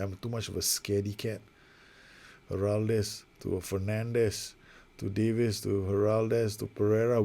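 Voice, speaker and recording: A man with a lowish, creaky, mellow voice hosts a gaming video. He gives casual, rambling, self-mocking play-by-play as he plays a football management game.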